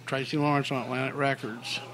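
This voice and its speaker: A middle-aged man, a songwriter guest, telling career stories in a casual interview, animated, rambling and full of swearing. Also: medium pitch, fairly quick. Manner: animated, profane, rambling storyteller.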